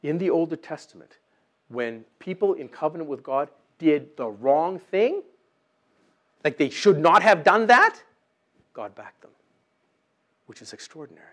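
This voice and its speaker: A man preaching a sermon, animated and acting out voices in his Bible stories. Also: fairly high pitch, unhurried, long pauses.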